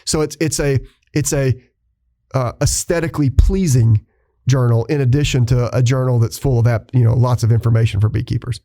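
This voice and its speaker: Male podcast host, warm dark voice, friendly interview manner. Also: medium pitch, steady tone, brisk.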